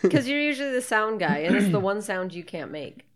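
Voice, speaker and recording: A woman's voice: medium pitch, sing-song, brisk, a loud crowd. A woman co-hosting a podcast, chatting casually about a film as she watches it, laughing often and swearing freely. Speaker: podcast co-host. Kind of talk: casual movie-watching commentary.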